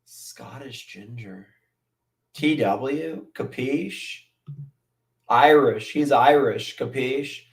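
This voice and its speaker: Drawing out his words in a medium-pitched voice, this livestream host reacts to videos and chat casually, cursing, wandering off topic, and imitating voices.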